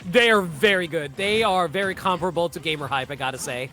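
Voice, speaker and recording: Man, esports commentator, high voice, joking, self-correcting, headset, faint music behind. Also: fast talker, sharp tone. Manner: joking, laughs often, corrects himself mid-sentence. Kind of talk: casual play-by-play commentary.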